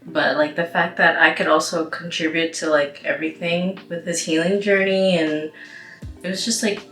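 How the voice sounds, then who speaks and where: A woman's voice: on the low side, steady tone, normal speed, a bit bright. A young woman vlogger telling a rambling storytime while doing her makeup, full of "like" and "you know.". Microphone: camera mic. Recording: roomy echo with background music.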